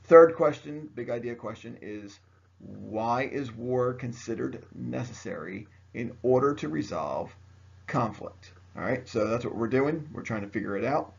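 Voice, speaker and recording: A man's voice: medium pitch, expressive, measured pace, gravelly, dull audio. A man teaching a history lesson by video, chatty and joking, speaking straight to his students. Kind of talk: recorded video lecture.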